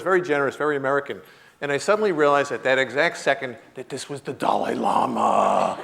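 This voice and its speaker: A guest lecturer in his fifties delivers a university lecture as a comic storyteller, acting out voices in his anecdotes and laughing often. He talks quickly in a gravelly, fairly bright voice of medium pitch.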